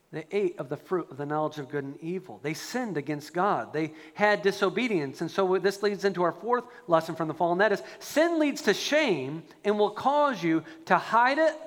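A man preaching a sermon as a pastor, animated and acting out quoted prayers. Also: sits high, long reverb tail.

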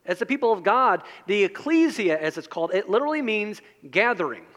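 A man's voice: high-pitched, big pitch swings, a little fast, fairly bright tone. A man preaching a sermon as a pastor, earnest and repetitive as he drives his points home. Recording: long reverb of a large hall.

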